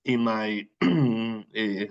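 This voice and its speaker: A man, an English student on a video call, speaking hesitantly with fillers and throat-clearing. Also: fairly low pitch, very slow, a little mellow. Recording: dull lo-fi call audio.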